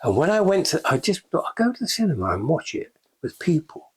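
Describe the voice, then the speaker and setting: A man's voice: a little high, sing-song, a little fast, breathy edge. An older man telling chatty backstage anecdotes in an interview, laughing often and acting out the lines he quotes. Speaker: interviewee, special effects veteran. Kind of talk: casual anecdotal storytelling. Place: shop.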